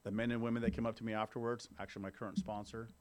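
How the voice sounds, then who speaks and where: Speaking rapid-fire in a fairly low, level, darkish voice, a man in his fifties shares his recovery story with a group. He's candid and conversational, checking in with the people listening at the meeting.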